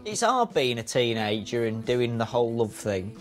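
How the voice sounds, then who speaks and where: A cheeky man bantering on the sofa with his sister, swearing freely and laughing often. His pitch bounces around a lot as he talks. Faint music plays underneath. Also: big pitch swings, moderate pace. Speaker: TV viewer commenting.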